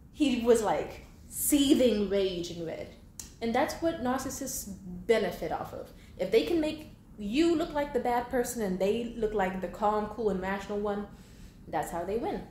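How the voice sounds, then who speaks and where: A 22-year-old vlogger speaks her mind in a blunt, profane monologue. Her voice is medium-pitched and a little mellow, recorded in an echoey space with faint background hum.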